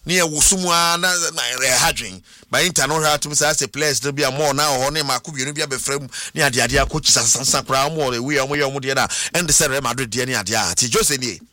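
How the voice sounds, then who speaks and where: A man with a Ghanaian accent hosting a radio sports show, animated and playful, sometimes breaking into sung bits. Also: medium pitch, brisk, no echo, clean studio sound. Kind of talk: sports talk radio, mixing Twi and English.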